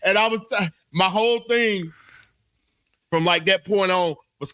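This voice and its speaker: A man co-hosting a comedy podcast, telling a story in an animated, laughing way and acting out his own panicked voice. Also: high voice, measured pace, smooth. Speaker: podcast co-host.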